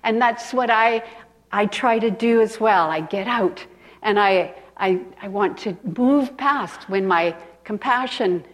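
A woman delivering a sermon at an unhurried pace. She talks in a conversational way and stops often to put questions to her listeners. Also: mid-range voice. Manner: asks the audience questions, conversational. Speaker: preacher. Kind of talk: sermon, teaching.

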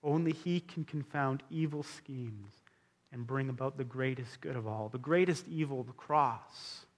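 A man's voice: mid-range voice, unhurried. A man preaching a sermon as pastor, earnest and emphatic, repeating key phrases for weight. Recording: long hall reverb.

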